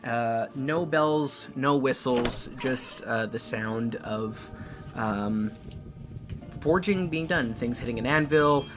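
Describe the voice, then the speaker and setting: A man's voice: medium pitch, takes it slowly, music in the background. A man narrating as game master of a tabletop game, rambling with many fillers.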